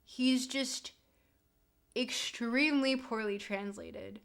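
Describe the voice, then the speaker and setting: Streamer type: Canadian woman with a slightly high voice, chatty, digressive and profane, talking casually to her chat. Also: vocal fry, a bit bright. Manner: rambling, profane, quick tangents while answering chat.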